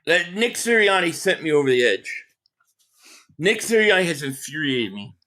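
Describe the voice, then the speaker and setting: A man hosting a live game reaction stream, ranting in frustration, stammering and shouting at plays. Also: on the high side, big pitch swings, moderate pace.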